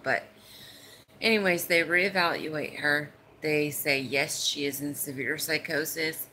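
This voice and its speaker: Woman talking slow into her phone, kinda emotional, halting, low but sharp bright tone. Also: a little hiss or hum. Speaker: vlogger. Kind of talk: personal story told to camera. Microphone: cheap phone.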